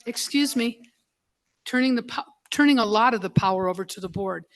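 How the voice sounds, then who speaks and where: A school board member, a woman, speaking at a public meeting in an emotional, halting way, choked up and apologizing as she goes. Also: a little high.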